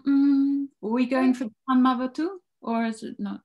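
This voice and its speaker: A woman's voice: sits high, steady tone, moderate pace, hardly any pauses, darkish tone. Hesitant woman student on a call. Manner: hesitant, unsure. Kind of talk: chanting practice in an online class. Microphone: video call.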